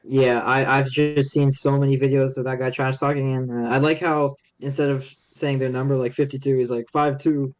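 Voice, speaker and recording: A young man co-hosting a casual sports podcast, talking in halting, restart-filled sentences. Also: medium pitch, little pitch movement, rough recording. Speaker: podcast co-host.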